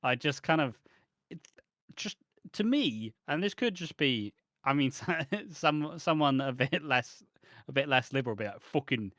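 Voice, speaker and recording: A man's voice: medium pitch, a bit bright, no room sound, studio quality. A man co-hosting a casual chat show, rambling and swearing freely, laughing often and slipping into mocking quoted voices. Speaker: podcast co-host. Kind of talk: casual chat reviewing a soap opera.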